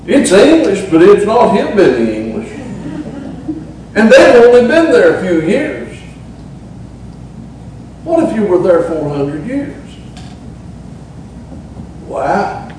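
High-voiced Appalachian preacher in echoey church. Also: male voice, big pitch swings, a little mellow, a little hiss or hum. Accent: Southern Appalachian. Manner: folksy, humorous preaching with drawn-out emphasis. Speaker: pastor. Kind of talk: sermon. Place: church sanctuary. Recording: echoey church, mic at a distance.

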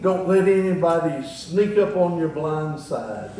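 A man's voice: on the high side, lively intonation, a little slow, mellow, very echoey, distant mic, slight background noise, poor audio. An older man preaching a sermon in a folksy way, chuckling at his own jokes between scripture quotes.

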